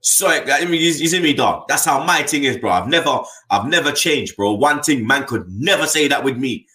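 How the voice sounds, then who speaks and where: A man's voice: mid-range voice, animated, a little fast, sharp tone, reverberant. A man, a football fan channel host talking bluntly in casual chat, full of slang and tag questions. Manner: blunt, slangy, keeps adding "you get me".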